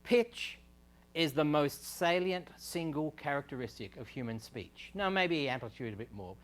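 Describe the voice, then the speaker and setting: A man's voice: a little high, animated, normal speed. A man giving a university lecture on speech science, explaining step by step, with fillers and restarts. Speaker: research scientist giving a technical talk. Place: lecture room.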